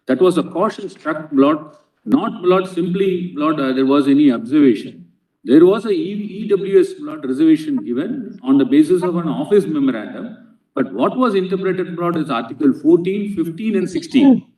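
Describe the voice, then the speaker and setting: A fairly high-voiced man with an Indian English accent presents a legal argument to a bench of judges. He speaks earnestly and tucks a deferential "Lord" into almost every phrase. The sound carries the echo of a large courtroom, picked up from a mic set some way off. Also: animated, normal speed, warm tone. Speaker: advocate. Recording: echoey courtroom, distant mic.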